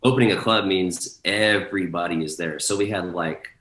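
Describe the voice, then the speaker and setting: A man's voice: low-pitched, moderate pace, a bit bright, reverberant, poor audio. A man, a guest DJ, telling road stories in casual podcast chat, with swearing and acted-out quotes. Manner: storytelling with swearing, acts out quoted people.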